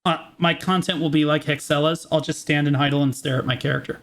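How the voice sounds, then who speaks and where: A man streaming reaction commentary in a casual, profane, excitable and jokey way. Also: on the high side, fast.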